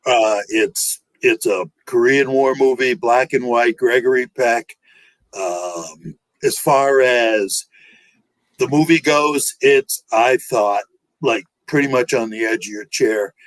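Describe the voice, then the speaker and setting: A laid-back man talking through his film picks in a casual panel chat. His voice is dry and close, with no room sound. He speaks at an ordinary middle pitch. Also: takes it slowly, no echo, low-quality recording. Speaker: panelist, Air Force veteran.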